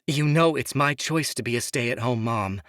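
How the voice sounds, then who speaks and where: A man voicing a young pregnant woman who pleads and shouts back at her friend. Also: mid-range voice, moderate pace, no echo, studio quality, voice pushed up, natural voice. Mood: heated. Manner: pleading, then screaming back.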